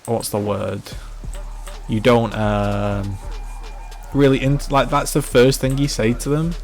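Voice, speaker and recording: A man's voice: medium pitch, level tone, slow, faint music behind. A young man chatting casually on a live game stream, rambling, restarting his sentences and filling them with "like". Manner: rambling, repeats and restarts himself, many "like" fillers. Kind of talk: casual live-stream chat while playing.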